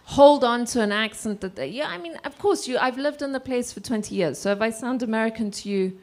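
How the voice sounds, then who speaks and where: A woman's voice: fairly high pitch, fairly quick, a little mellow. A woman from Zimbabwe, a guest author, telling humorous, self-deprecating stories to an audience in casual conversation.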